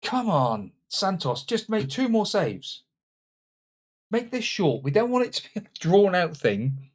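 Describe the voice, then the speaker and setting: Animated man, excitable game commentary. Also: sits high, measured pace. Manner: animated, exclaiming, swinging between shouts and muttered asides. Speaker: gaming channel host. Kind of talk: let's-play commentary.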